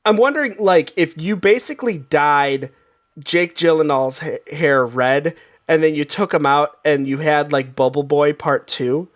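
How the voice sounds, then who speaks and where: Man, comedy game host, high-pitched and playful, laughs easily through the banter. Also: measured pace.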